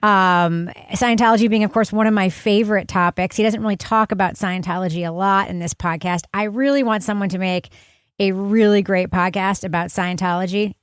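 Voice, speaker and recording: A woman's voice: medium pitch, fairly even intonation, brisk, clean tone, dry recording, studio quality. A woman hosting a podcast panel, chatting casually and giving blunt, emphatic opinions. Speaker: podcast host.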